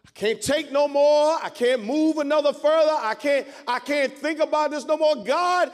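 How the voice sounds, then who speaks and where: A man's voice: very high voice, normal speed, voice pushed up. A man preaching acts out an anguished person crying out to God in despair, with repeated wailing pleas. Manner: wailing, pleading, repeated cries. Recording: long hall reverb.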